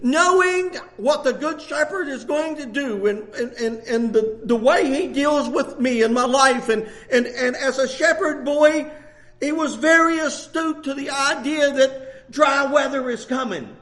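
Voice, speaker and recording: An older man in his sixties preaches with a lilt. His voice sits very high for a man, and he pushes his points with fervent repetition, building to shouted emphasis. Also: measured pace. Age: 60s. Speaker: pastor. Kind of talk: sermon.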